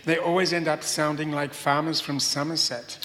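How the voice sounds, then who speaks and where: A man's voice: on the high side, level tone, normal speed, background noise. A man interviewing a guest on stage, with a wry, conversational manner. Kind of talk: onstage conversation. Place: lecture hall at a public event. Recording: reverberant hall.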